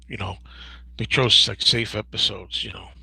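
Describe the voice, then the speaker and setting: A man in his fifties hosting a casual livestream Q&A, rambling and digressive with many restarts and a gravelly, husky voice. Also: lowish voice, steady tone, normal speed, sharp tone, no room sound, rough recording. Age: 50s. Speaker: host.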